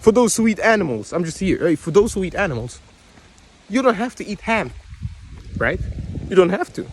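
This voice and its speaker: A man's voice: high-pitched, big pitch swings, fairly quick, a little hiss or hum. A man delivering an angry, profane, rambling vlog rant, mocking others in quoted voices. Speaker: vlogger. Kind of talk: ranting monologue to camera.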